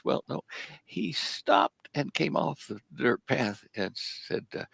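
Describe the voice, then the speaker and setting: A man's voice: fairly low pitch, expressive, unhurried, vocal fry, fairly bright tone, breathy edge, no room sound. An older man, a guest in an interview, telling long stories with many hesitations. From United States. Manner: rambling anecdotes full of hesitations. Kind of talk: casual storytelling in an interview.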